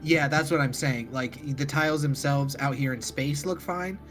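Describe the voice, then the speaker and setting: A man's voice: fairly high pitch, moderate pace, a bit bright. A laid-back man who laughs easily, chatting casually as game master after a tabletop game.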